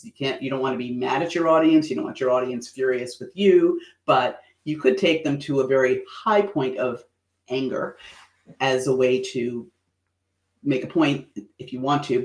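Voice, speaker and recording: A man hosting a livestream lesson on presenting. He talks in a playful, animated way and acts out expressions with quick asides. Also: mid-range voice, reverberant.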